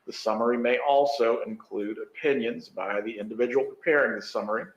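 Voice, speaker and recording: A male judge delivering a ruling in a courtroom, measured and dry with a wry edge. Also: medium pitch, steady tone, highs cut off. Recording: echoey courtroom audio.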